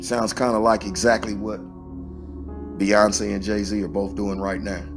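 A man hosting a podcast, giving animated conspiracy commentary in a colloquial, emphatic way and answering his own questions with exclamations. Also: lowish voice, unhurried, over music. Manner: colloquial, emphatic, talks back to himself with exclamations. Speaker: podcast host.

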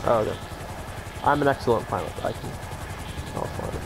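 A man's voice: mid-range voice, expressive, fairly quick, gravelly. A young man chatting casually and joking crudely while playing a game with a friend. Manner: joking, crude, laughs often. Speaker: gamer. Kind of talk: casual chat over gameplay. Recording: game gunfire and engine noise behind.

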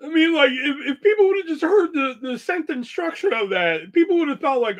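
A man's voice: very high voice, lively intonation, fairly quick, hardly any pauses. A young man hosting a podcast, telling a story in a loose, profane, rambling way full of fillers. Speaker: podcast host. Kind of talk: casual storytelling.

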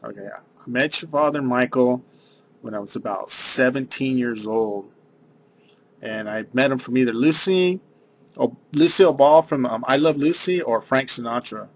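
A man's voice: medium pitch, normal speed, gravelly, slight background noise. Rambling slangy man vlogging. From San Diego area. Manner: slangy, rambling, says dude a lot. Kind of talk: casual rambling monologue.

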